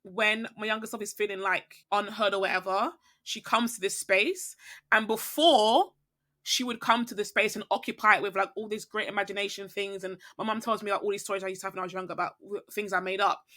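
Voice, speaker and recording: Young woman guest thinking out loud, keeps going "you know what i mean", bright sharp tone. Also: mid-range voice, steady tone, a little fast. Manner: rambling, thinks aloud, often checks in with the listener. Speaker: podcast guest. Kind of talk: reflective casual conversation.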